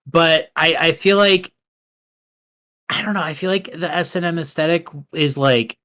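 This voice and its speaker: A man's voice: on the high side, measured pace, bright, forceful tone. Male podcast co-host, loose rambling delivery, lots of "like" and restarts. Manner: rambling, frequent fillers and restarts. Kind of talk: casual film discussion.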